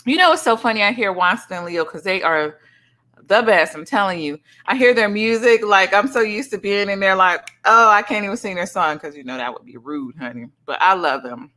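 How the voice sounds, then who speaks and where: A middle-aged woman hosting a livestream in casual chat, effusively greeting each viewer with loud, high greetings and calling people honey and sugar. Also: lively intonation, brisk. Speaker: livestream host. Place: son's home streaming setup.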